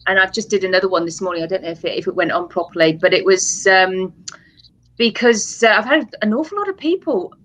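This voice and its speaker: A woman's voice: mid-range voice, quick pace, fairly bright tone, rough recording. A British woman, a hypnotherapist guest, talking casually, chatty with frequent laughs and restarts. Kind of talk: casual chat.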